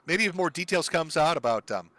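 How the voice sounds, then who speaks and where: Man, streamer, heated political rant, profane, bright and sharp tone, dry close sound. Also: on the high side, animated, brisk, no room sound. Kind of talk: ranting political commentary.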